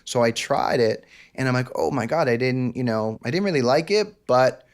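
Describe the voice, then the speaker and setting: A man's voice: medium pitch, normal speed. Intense New man telling his story. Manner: intense, confessional, acts out quotes. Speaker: podcast guest. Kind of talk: candid interview storytelling.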